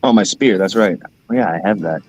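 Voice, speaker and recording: A man playing in a tabletop game, relaxed and joking, swearing now and then. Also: fairly low pitch, fairly quick, faint music behind. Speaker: player. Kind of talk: casual tabletop game chat.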